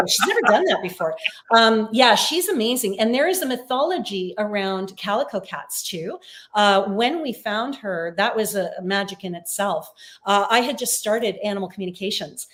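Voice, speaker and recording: Chatty woman on a video call. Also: mid-range voice. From Canada. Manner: chatty, warm storytelling with many fillers. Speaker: psychic medium guest. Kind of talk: casual video-call interview.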